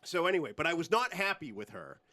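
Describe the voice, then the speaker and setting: A man's voice: fairly high pitch, fast talker, dry recording. A middle-aged man co-hosting a podcast, telling a story casually and acting out the quotes with laughter. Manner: animated, laughing, acts out quotes. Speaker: podcast co-host.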